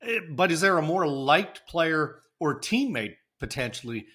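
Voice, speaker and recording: A man's voice: on the high side, sing-song, measured pace, bright, forceful tone, breathy edge. A man co-hosting a hockey podcast, chatty and emphatic, laughing often as he talks. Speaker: podcast co-host. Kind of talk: casual hockey chat.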